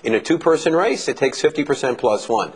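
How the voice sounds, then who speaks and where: A middle-aged man with a Southern US accent, a professor answering interview questions in a measured, analytical way. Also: medium pitch, expressive, slightly rough, rough recording. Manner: measured, analytical, explains with numbers. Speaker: political science professor.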